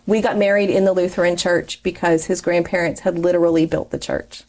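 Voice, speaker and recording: A woman's voice: on the low side, steady tone, brisk, a little mellow. A woman in her forties telling her life story in an interview, chatty and candid, laughing often as she talks. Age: 40s. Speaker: interview guest. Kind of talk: personal life story in conversation.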